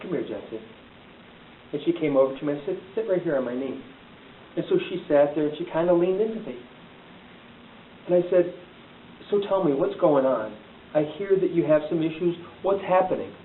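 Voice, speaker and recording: A man's voice: fairly high pitch, far from the mic, a little hiss or hum. Earnest man in a tinny, echoey recording. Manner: earnest, heartfelt, slow and emphatic. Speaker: motivational speaker. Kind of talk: motivational storytelling talk.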